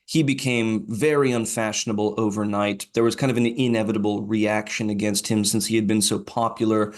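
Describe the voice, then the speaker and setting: A man's voice: fairly low pitch, steady tone, fairly quick. A male podcast host giving informal poetry commentary, talking conversationally with frequent fillers and restarts.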